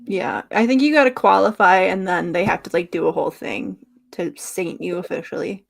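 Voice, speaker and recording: A woman's voice: lowish voice, normal speed, vocal fry. A woman co-hosting a casual podcast chat, laid-back and teasing. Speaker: podcast co-host.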